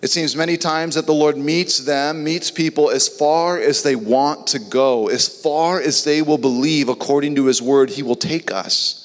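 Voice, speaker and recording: An earnest male preacher delivers a sermon in a somewhat high voice. His words ring with a long reverb, as if spoken in a large hall. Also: unhurried, few pauses. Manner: earnest, acts out biblical dialogue in voices.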